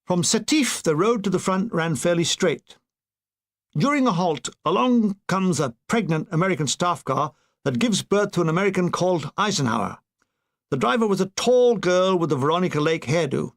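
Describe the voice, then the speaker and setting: A man reading a war memoir aloud as an audiobook, telling it in a wry, expressive way. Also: high-pitched, normal speed, vocal fry. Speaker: audiobook reader.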